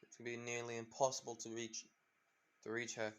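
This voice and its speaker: A man's voice: mid-range voice, monotone, brisk, close to an everyday voice. A man voicing a roguish, swaggering male pirate captain with a drawling delivery in a fan-made story.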